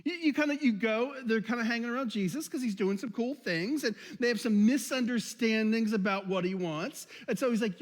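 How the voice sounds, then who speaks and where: A man's voice: very high-pitched, big pitch swings, brisk, few pauses, big-room sound. A man preaching a casual sermon, joking and laughing often, with many restarts. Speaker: pastor. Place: church hall.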